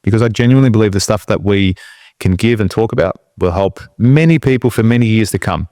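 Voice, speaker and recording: Aussie guy cohosting a podcast, kinda low voice, earnest pep-talk vibe, dry close sound. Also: quick pace, mellow, dry recording. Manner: earnest, motivational storytelling. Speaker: podcast co-host. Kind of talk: casual podcast chat.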